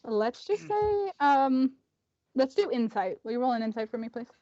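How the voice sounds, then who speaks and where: A woman's voice: high-pitched, big pitch swings, normal speed, mellow, no echo. A woman running an online tabletop game as game master, talking hesitantly with many ums. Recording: dull dry call audio.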